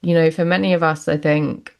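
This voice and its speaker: A woman's voice: sits low, steady tone, brisk, vocal fry, darkish tone. A woman hosting a podcast, talking in a reflective way with many fillers. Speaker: podcast host. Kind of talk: casual interview chat.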